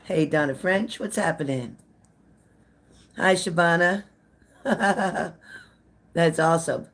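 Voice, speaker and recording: A woman's voice: lowish voice, slow, slight background noise. Chatty older woman hosting a live stream. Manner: chatty, greets viewers by name, repeats phrases. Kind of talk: casual live-stream chat with viewers.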